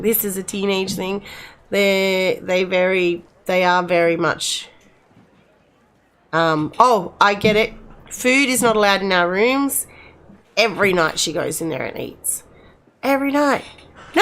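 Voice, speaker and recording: A middle-aged woman gives casual game commentary in a middle-pitched voice. She rambles in a relaxed, chatty way and talks to the on-screen characters as if they were friends. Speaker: gamer playing and commenting.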